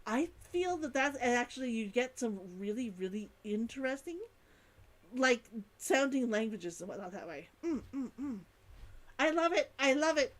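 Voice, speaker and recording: A woman's voice: sits high, lively intonation, normal speed. A woman from Canada, chatting enthusiastically while streaming a game, often laughing and repeating herself. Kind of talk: casual gameplay chat.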